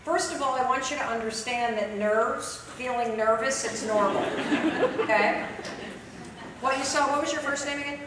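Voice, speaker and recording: A woman's voice: a little high, moderate pace, background noise. A woman motivational speaker giving a live training talk to an audience, emphatic, direct and conversational. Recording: echoey hall, mic from a distance.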